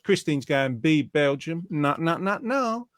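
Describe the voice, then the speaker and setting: A man's voice: on the high side, expressive, unhurried, fairly bright tone, no room sound. A man in his fifties hosting an online quiz in casual chat, joking and rambling with silly asides. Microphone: online video call.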